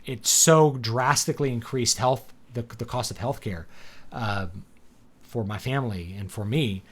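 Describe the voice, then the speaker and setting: A man hosting a casual live talk show, rambling and opinionated, with sarcastic asides and many fillers and restarts. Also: mid-range voice. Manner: sarcastic, laughs at his own points. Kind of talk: casual livestream chat.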